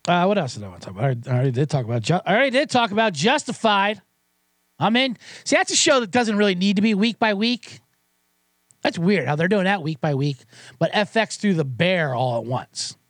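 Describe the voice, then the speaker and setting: Sarcastic, high-voiced man ranting. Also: animated, fast, fairly bright tone, no room sound, clean studio sound. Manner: profane, sarcastic, rambling with restarts. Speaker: podcast host. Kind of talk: comedic rant.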